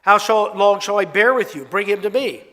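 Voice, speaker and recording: A man's voice: high-pitched, moderate pace, bright, forceful tone. A man voicing a stern teacher who rebukes a faithless crowd in an exasperated way. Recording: long hall reverb.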